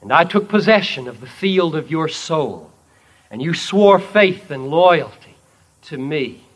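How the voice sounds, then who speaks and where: A man preaching, voicing Jesus as a calm, commanding king in a solemn, measured way. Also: a little high.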